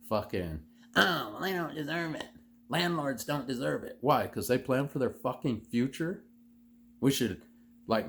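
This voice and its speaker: A man's voice: mid-range voice, darkish tone. A man from the United States hosting his own commentary show, delivering an angry, sneering, heavily profane monologue. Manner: angry, sneering, swears constantly. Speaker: host of a solo commentary show.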